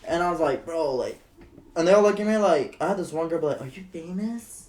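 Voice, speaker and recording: Podcast guest, man, slightly high voice, lively swearing storyteller, roomy echo. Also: fast talker. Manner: animated, swearing, acts out quotes. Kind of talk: casual storytelling.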